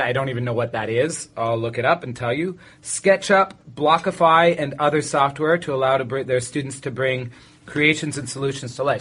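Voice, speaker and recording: A man's voice: mid-range voice, fairly bright tone. Joking Canadian podcast host, man. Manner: joking, playful, puts on silly voices. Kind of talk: casual chat.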